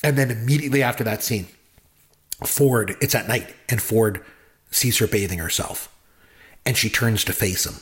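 A man's voice: lowish voice, normal speed, pauses often, a bit bright. A man co-hosting a casual movie talk, enthusiastic and rambling, with lots of fillers. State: married. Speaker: podcast co-host.

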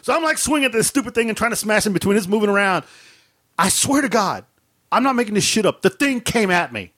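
A man telling a story in a casual podcast chat, animated and laughing often as he acts out the scenes. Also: sits high, quick pace. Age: adult with a wife and dogs. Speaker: podcast co-host.

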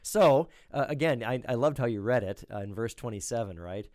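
A man's voice: mid-range voice, expressive, fairly quick, a little mellow, dry recording, clean studio sound. A man, a pastor, explaining scripture in a theological talk with an emphatic, lecturing manner. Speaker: pastor, co-host. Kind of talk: theological discussion.

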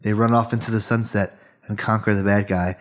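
Casting: male comedy co-host, dry and relaxed delivery. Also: lowish voice, a little fast. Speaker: podcast co-host. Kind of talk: casual comedic chat.

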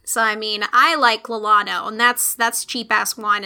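A young woman in her twenties telling a childhood story in a casual chat, animated and giggly, acting out the voices of others. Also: fairly high pitch, normal speed, clean tone. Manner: animated, giggly, swears, acts out voices in quotes. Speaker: podcast co-host, younger sister.

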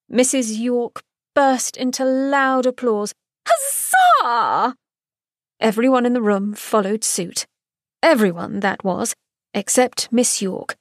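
A woman giving a scripted, expressive narration of a romance novel excerpt. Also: fairly high pitch, no echo, clean studio sound. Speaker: podcast host reading a novel excerpt.

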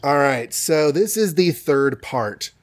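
A man's voice: a little high, lively intonation, slow. A man hosting a podcast, recapping a comic in a rambling, jokey way. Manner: rambling, jokey, many fillers. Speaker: podcast host. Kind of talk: casual comic book recap.

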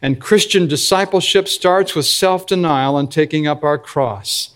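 Male pastor preaching; earnest, deliberate emphasis, voice sits a bit high. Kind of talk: sermon.

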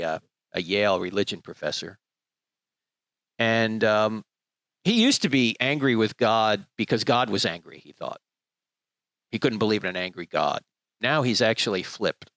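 A man's voice: mid-range voice, a bit bright, no echo. A man preaching a sermon in an emphatic, rhetorical way, acting out the people he quotes.

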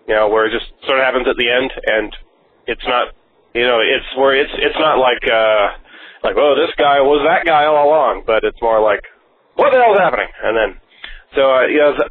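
A man from Pittsburgh leaving a hesitant, filler-heavy voicemail for a podcast. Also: medium pitch. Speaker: voicemail caller. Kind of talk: casual voicemail. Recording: phone line voicemail.

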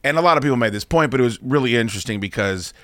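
Man, lively swooping pitch, bright voice, dry close sound, casual podcast host, swears, laughs. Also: very fast, no room sound. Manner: animated storyteller, swears freely, laughs a lot. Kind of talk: casual chat.

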